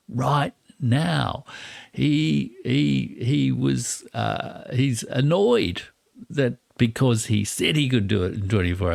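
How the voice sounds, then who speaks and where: A man hosting a live-stream political commentary, reading out quotes and explaining them deliberately. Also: mid-range voice, creaky, no echo, clean studio sound.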